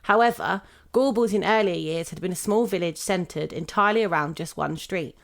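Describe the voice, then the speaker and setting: A young British woman hosting a podcast, reading a prepared script in a steady, measured way. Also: fairly low pitch, vocal fry. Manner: steady, measured reading, laughing now and then. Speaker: podcast host.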